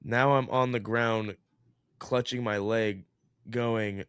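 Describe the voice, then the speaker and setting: A young man co-hosting a podcast in casual chat, reading a story aloud in an animated way and laughing often. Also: fairly low pitch, takes it slowly, clean tone, dry recording. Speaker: podcast co-host.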